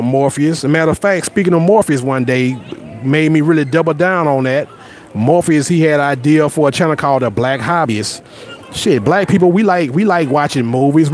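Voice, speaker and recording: A man with a Southern accent hosting a casual livestream, greeting viewers by name, rambling and boastful with frequent repeated words and restarts. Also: fairly high pitch. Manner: blunt and boastful. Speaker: livestream host. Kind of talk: casual live chat with viewers.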